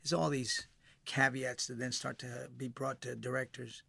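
A man's voice: mid-range voice, level tone, normal speed, creaky, bright, forceful tone, breathy edge, no echo. A man, an actor guest, talking casually and animatedly, often repeating his words. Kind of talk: casual interview chat.

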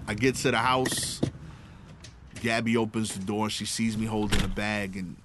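A young man telling a funny personal anecdote in casual slang, animated with sharp comic timing. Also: lowish voice, normal speed. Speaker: storyteller. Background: guitar music.

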